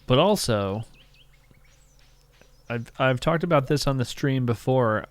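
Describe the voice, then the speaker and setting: A man talks loosely over a game stream, musing with dry humor. His voice has a gravelly, fried edge and a close, dry sound. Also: medium pitch, lively intonation, unhurried, pauses often, dry recording. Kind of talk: casual game stream chat.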